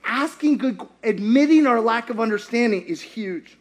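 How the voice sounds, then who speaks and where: A man preaching a sermon, high-pitched for a male voice. He talks with animated humor and acts out scenes for the congregation. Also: normal speed. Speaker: pastor.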